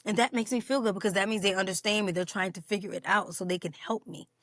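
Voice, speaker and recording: Fast-talking, earnest woman podcaster. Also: mid-range voice, fairly even intonation, a bit bright, no room sound, studio quality. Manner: earnest, speaks straight to listeners as "y'all"; candid, openly emotional. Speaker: podcast host. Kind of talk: personal mental health podcast talk.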